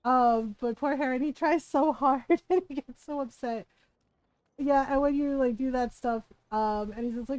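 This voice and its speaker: Brief: giggly woman streamer, mid pitch, dry close sound. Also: unhurried, a little mellow, no echo, poor audio. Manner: chatty, giggly, rambling. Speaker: game streamer. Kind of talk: live gameplay commentary.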